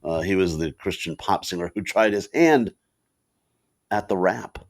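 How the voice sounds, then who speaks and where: A man's voice: sits low, measured pace. A man co-hosting a podcast in casual chat, telling stories and laughing often. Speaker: podcast co-host.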